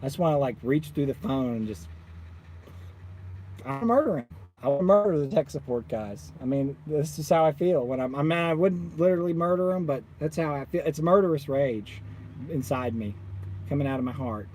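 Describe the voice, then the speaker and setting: Man, solar installer, casual vlog rant, exasperated, slightly high pitch. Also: fairly quick, slight background noise. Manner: animated, exasperated ranting. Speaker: solar installer, channel owner. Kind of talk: casual ranting vlog to viewers.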